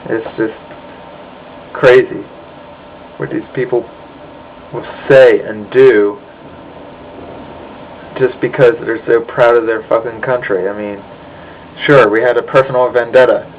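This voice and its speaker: A man's voice: medium pitch, fairly even intonation, a little slow, long pauses, dull audio, a little hiss or hum. A young American man in a profane, angry rant to his webcam, sighing and swearing as he complains. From United States. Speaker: vlogger. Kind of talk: ranting monologue.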